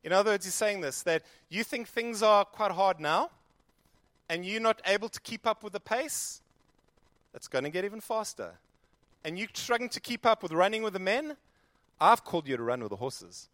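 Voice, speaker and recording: A man preaching a sermon in a church who acts out quoted prayers with animated delivery. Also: high-pitched, moderate pace, dry recording. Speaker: pastor.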